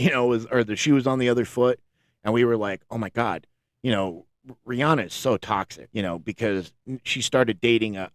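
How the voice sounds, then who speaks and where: A man's voice: on the low side, no room sound, studio quality. A man hosting a commentary channel, ranting casually and exasperated, swearing often and restarting his sentences. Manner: profane, exasperated, rambling with restarts. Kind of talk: casual reaction rant.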